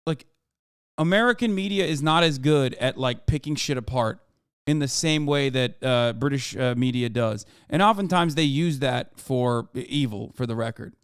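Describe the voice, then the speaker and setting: A man's voice: mid-range voice, clear, resonant tone, dry recording, clean studio sound. A man in his thirties giving rambling, profane reaction commentary as a streamer. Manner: rambling, profane, quick asides.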